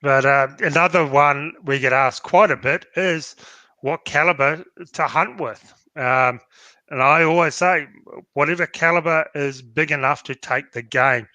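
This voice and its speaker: A man's voice: a little high, measured pace, sharp tone, no room sound. An Australian man co-hosting a podcast, giving direct, practical advice in a casual chat. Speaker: podcast co-host.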